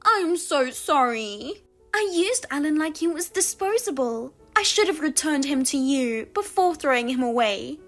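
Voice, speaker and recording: A woman's voice: high voice, animated, a little slow, a bit bright, soft background music, exaggerated voice. A woman voicing a smug, spiteful younger sister in a story reading, taunting and gloating. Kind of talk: audio drama reading.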